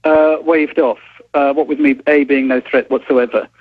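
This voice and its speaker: A man's voice: medium pitch, fairly even intonation, moderate pace. Hesitant man on a muffled phone. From Britain. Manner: hesitant, apologetic, polite. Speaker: newspaper reporter calling in. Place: police station.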